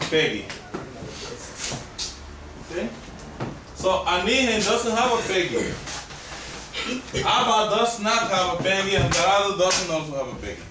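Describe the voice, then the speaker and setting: A man's voice: high voice, moderate pace, long pauses. A male language teacher explaining grammar step by step to a class in a classroom lesson. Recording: echoey room, distant mic, noise.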